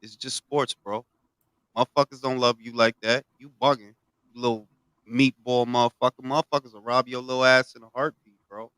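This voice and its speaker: A man co-hosting a casual boxing talk show, animated and profane, full of street slang. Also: mid-range voice, brisk, clear, resonant tone, dry recording, low-quality recording. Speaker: podcast co-host.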